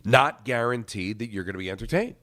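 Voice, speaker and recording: A man's voice: mid-range voice, expressive, fairly quick, a bit bright. A middle-aged man, hosting sports talk radio and rambling, repeating words as he thinks.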